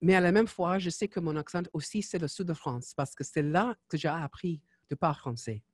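A man's voice: fairly high pitch, fast talker, no room sound, clean studio sound. A man hosting a casual chat show who talks in a rambling, digressive way and slips into French. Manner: chatty and digressive, switching into French. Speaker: podcast host.

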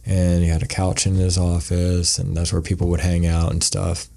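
A male podcast guest tells a story in a casual, rambling way, acting out the quoted lines. His low, warm voice has vocal fry and a completely flat delivery at normal speed.

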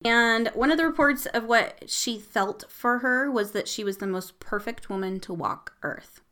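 A woman's voice: a little high, measured pace, sharp tone. A woman hosting a show, telling a spooky story in a casual, rambling way with lots of fillers and the odd curse. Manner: rambling and chatty, with frequent fillers and casual swearing.

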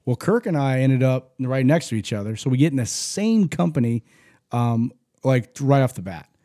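A man recounts his army training days in a loose, profane conversational style. His voice is mellow and darkish, recorded dry and close. He stumbles and restarts often as he talks. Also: medium pitch, expressive, moderate pace, dry recording. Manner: profane, rambling, frequent restarts. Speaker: guest, army veteran. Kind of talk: casual storytelling.

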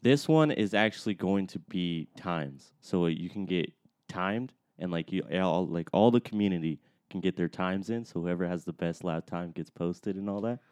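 Super low voice, chill podcast cohost, says dude, dry mic. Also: normal speed, darkish tone, dry recording. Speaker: podcast co-host. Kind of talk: casual podcast chat.

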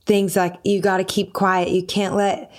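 A woman's medium-pitched voice moves at normal speed as she, a podcast host and singer, tells a story from her own life. She chats casually and dramatizes her quoted remarks with expressive voices.

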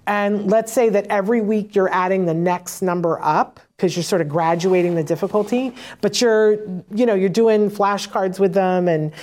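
A woman giving a casual teaching talk for parents, conversational and often checking in with "right?", acting out short exchanges in a lively voice. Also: mid-range voice, moderate pace, hardly any pauses. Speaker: parent educator on autism teaching.

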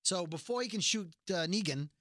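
A man talking through a show recap in casual, animated chat, slipping into playful voices for quotes. His voice sits high and sounds bright and clear. The sound is dry and close. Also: fairly quick, dry recording. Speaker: podcast co-host.

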